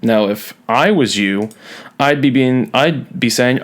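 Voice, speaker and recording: A man's voice: medium pitch, slow pace. A man teaching a recorded lesson, playful and jokey, leaning hard on key words. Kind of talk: recorded classroom lecture.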